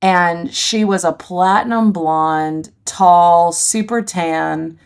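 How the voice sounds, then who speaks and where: A woman in middle age, a podcast guest, tells her stories vividly and with animation. Her voice sits fairly low. It has a gravelly, fry-tinged texture. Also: slow. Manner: animated, vivid storyteller, laughs easily. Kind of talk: conversational storytelling.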